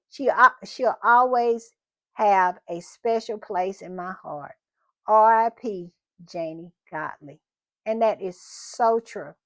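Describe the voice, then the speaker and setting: Woman host, unhurried and emphatic, dry close recording. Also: mid-range voice, a bit bright, no room sound. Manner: chatty and emphatic, repeating phrases. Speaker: commentary channel host. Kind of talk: casual opinion commentary.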